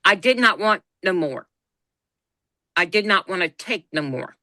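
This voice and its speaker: A middle-aged woman shares a personal anecdote on her podcast as co-host, animatedly acting out each quoted line. Her voice is on the low side and unhurried, and the recording is dry.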